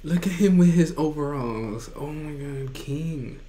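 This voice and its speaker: A man hosting a reaction video, gushing with excitement and often breaking into shrieks and squeals. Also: a little high, a little slow. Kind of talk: excited fan reaction commentary.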